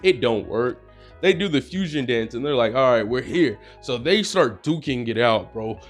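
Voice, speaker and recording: Lively slangy young man telling a story. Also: medium pitch, moderate pace, faint music behind. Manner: slangy, rambling, lots of "bro" and "like". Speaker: fan storyteller. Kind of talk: casual fan-fiction storytelling.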